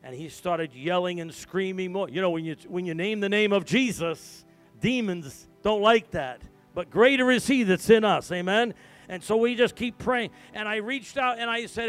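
Pastor man preaching, hushed to loud. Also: high voice, moderate pace, soft background music. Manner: storytelling, swings from hushed to loud and emphatic. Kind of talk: sermon.

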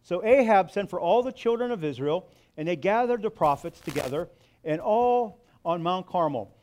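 A man's voice: sits high, lively intonation, moderate pace, darkish tone, a little hiss or hum. A man delivers a sermon. He reads scripture aloud and keeps asking the congregation questions, then answers them himself. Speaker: preacher.

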